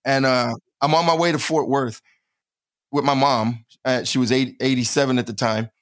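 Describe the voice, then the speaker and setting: A man's voice: mid-range voice, fairly even intonation, moderate pace. A middle-aged man telling his story as an interview guest, emphatic and repeating phrases for stress.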